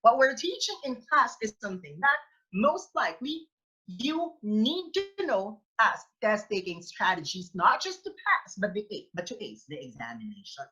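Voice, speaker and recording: A woman from the Philippines with a Filipino accent, giving an animated webinar lecture as a review teacher and addressing her listeners as class. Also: medium pitch, normal speed, low-quality recording.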